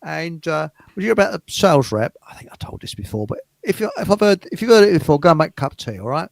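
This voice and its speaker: Chuckling man with gravelly voice. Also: a little high, very animated, fast talker, no echo. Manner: chuckling, rambling joke-teller. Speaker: show host. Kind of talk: casual chat.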